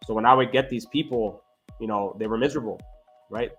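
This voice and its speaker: Guy physio telling stories in an interview, lowish voice, keeps saying right?, soft music under. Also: fairly quick, muffled recording. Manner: earnest, animated, frequent "right?" tags. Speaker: physiotherapist guest. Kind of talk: casual interview storytelling.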